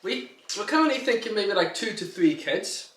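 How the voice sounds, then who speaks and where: A man's voice: high voice, big pitch swings, moderate pace, a bit bright. A man in his twenties chatting casually on a sofa, laid-back. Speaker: vlogger. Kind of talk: casual chat. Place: living room sofa. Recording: roomy echo.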